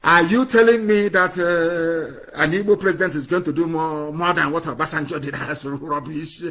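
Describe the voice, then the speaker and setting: Fiery Nigerian man, high-pitched. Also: normal speed, a bit bright. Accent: Nigerian English. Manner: fiery, scornful, repeats phrases for emphasis. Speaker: political activist addressing followers. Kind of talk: impassioned political broadcast.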